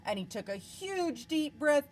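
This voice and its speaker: Expressive teacher reading to children. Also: female voice, medium pitch, a little hiss or hum, rough recording. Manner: expressive, asks children questions. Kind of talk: reading a picture book aloud to children.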